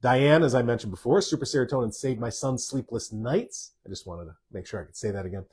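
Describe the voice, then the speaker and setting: A man's voice: mid-range voice, quick pace, a little mellow, slightly rough. A man, a doctor hosting a live stream, casually answers viewer questions and stresses points by repeating words.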